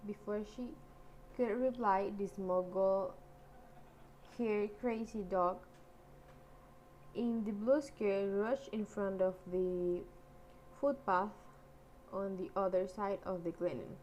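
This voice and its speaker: A woman reads a fairy tale aloud, lilting and expressive. Her pace is slow and deliberate, and a faint hiss sits beneath her voice. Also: mid-range voice, rough recording. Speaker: storyteller.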